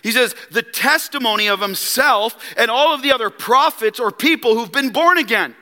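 Emphatic, bright-voiced man preaching a sermon. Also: extremely high pitch, lively intonation, normal speed, long reverb tail. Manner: emphatic, rhetorical questions, voices Jesus and Nicodemus in quotes. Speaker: pastor. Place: church sanctuary.

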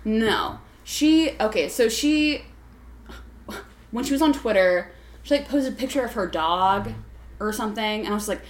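A woman telling a story on a casual podcast chat, profane and ranting, full of swearing and quick asides. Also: mid-range voice, expressive. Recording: echoey room.

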